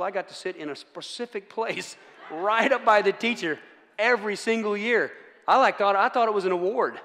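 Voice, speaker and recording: A pastor with a slightly high, somewhat bright voice preaches a casual, joking sermon in a church sanctuary. He's chatty and self-mocking, often asking the room for agreement, and long church hall reverb surrounds him.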